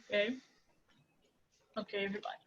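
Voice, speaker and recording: A woman's voice: medium pitch, fairly even intonation, fairly quick, highs cut off. A woman teaching an English class live online, patiently explaining things step by step.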